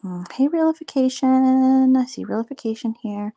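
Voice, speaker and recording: A woman's voice: expressive, moderate pace, mellow, no room sound, lo-fi sound. A woman hosting a casual late-night livestream, rambling and sarcastic, mocking others by mimicking them. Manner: gossipy, mocking, mimics others in high squeaky voices. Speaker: livestream host.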